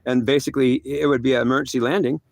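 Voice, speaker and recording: Excitable gravelly man telling a story. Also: racing, no echo, clean studio sound. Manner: excitable, jumps into high yelps, stammering. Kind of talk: rambling personal storytelling.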